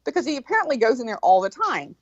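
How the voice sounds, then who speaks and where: A woman tells a story in a loose, casual chat, cursing freely and slipping into the voices of the people she quotes. Her voice sits fairly high and swings widely in pitch. The sound is dull and lo-fi. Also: fast, a crowd in the background. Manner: animated, profane, acts out quoted voices. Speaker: guest.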